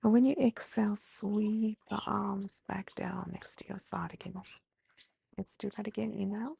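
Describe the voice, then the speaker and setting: An Australian woman teaching mindfulness, calmly guiding slow breathing and gentle movement. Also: mid-range voice, creaky, slightly rough. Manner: calm, slow, gently instructive. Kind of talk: guided movement and breathing instruction.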